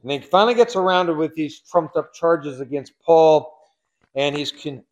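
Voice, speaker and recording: A male pastor reading scripture and explaining it in a sermon, with a relaxed, conversational delivery, wry asides and frequent fillers. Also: a little high, moderate pace, highs cut off.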